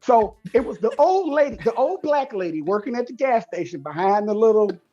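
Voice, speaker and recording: A man telling a story in casual chat, animated and acting out the people in it. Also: high-pitched, fairly quick, muffled recording, faint music behind. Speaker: show co-host.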